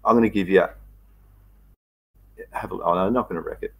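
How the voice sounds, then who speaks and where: Laid-back Australian man, lowish voice. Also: brisk, gravelly, fairly bright tone, husky. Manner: reads viewer comments aloud and greets them by name. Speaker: livestream host. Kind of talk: casual livestream chat.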